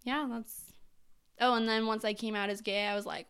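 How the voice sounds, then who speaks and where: A woman in her twenties, a podcast guest, telling a personal story in a chatty way with lots of fillers and animated quotes of herself. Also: on the high side, moderate pace, smooth. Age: 20s. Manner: chatty, filler-heavy, animated self-quoting. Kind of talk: casual storytelling chat.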